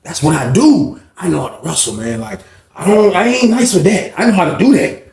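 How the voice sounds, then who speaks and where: Brief: lively storyteller, man, raised pitch, slang-heavy, punches the story with sound effects. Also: fairly quick, vocal fry, crowd noise. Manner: animated, profane street slang with vocal sound effects. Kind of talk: casual storytelling. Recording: roomy echo.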